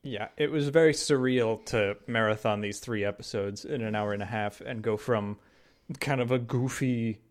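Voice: mid-range voice, moderate pace. A podcast co-host chatting casually, adding dry, wry asides.

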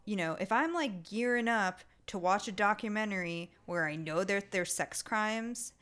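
A woman co-hosting a casual podcast, ranting in a heated, animated way. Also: mid-range voice, moderate pace, clean tone. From Italian heritage. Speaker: podcast co-host.

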